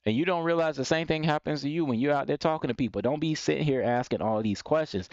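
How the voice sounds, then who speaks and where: In a muffled recording with no echo, a male live stream host speaks quickly in a fairly high voice, giving blunt dating and self-improvement advice in a monologue. He preaches, repeats himself, and mocks timid wording by quoting it in put-on voices.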